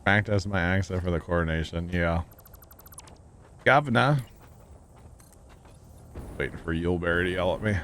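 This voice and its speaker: Low-voiced man streaming a game. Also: flat delivery, quick pace, hardly any pauses, a bit bright, a little hiss or hum. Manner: rambling, jokey, thinking aloud. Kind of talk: casual gameplay livestream chat.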